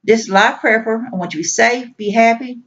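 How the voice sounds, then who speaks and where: A woman's voice: on the high side, a little fast. A woman vlogger venting in an exasperated, repetitive rant. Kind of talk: venting monologue. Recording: dull lo-fi recording.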